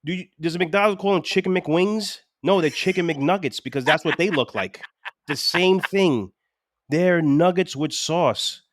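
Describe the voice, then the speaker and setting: A man's voice: fairly high pitch, a little slow, dry recording, studio quality. A man with a New York accent co-hosting a casual sports podcast, griping bluntly and repeating his points. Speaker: podcast co-host.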